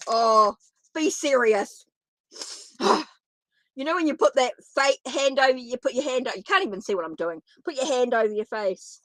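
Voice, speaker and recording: A woman's voice: high voice, lively intonation, fast, hardly any pauses, a bit bright, no echo. Chatty woman reading tarot live. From New Zealand. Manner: chatty and informal, talks straight to viewers. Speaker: tarot reader.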